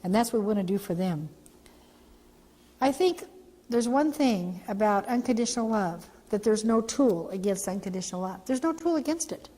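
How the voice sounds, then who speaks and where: A woman who is a founder and parent trainer gives a heartfelt, animated training talk, acting out the quotes and voices in her story. Her voice is mid-range and her pace moderate. The hall she's in is echoey.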